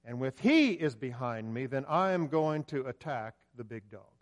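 A man's voice: mid-range voice, sing-song, normal speed, natural voice. A man voicing a brave, loyal little house dog in a sermon story, chatty and plain. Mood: eager.

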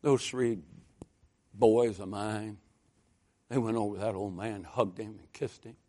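A man preaching a sermon, telling folksy stories in a conversational way and building to loud, fervent exhortation. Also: on the low side, steady tone, measured pace.

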